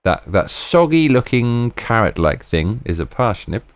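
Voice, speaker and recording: A British man hosting a live stream in casual, rambling chat, often breaking into excited exclamations. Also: medium pitch, unhurried, smooth.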